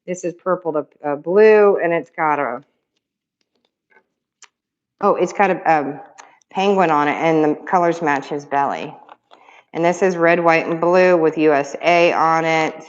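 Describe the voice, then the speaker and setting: A woman showing off her handmade resin keychains in a casual, excitable, rambling vlog, repeating words for emphasis. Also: sits low, unhurried, pauses often, lo-fi sound. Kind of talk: casual show-and-tell vlog.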